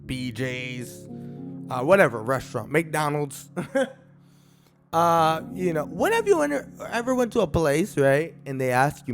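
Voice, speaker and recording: A man with a slightly higher voice tells a story to camera in a casual, animated way. His pitch and loudness swing widely, with faint music playing underneath. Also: a little slow. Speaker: vlogger.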